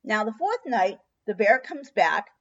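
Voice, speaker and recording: A woman hosting a diet workshop, giving a motivational talk and telling a long story with lively, acted-out asides. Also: mid-range voice, measured pace. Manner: storytelling with expressive voiced asides. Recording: dull lo-fi recording.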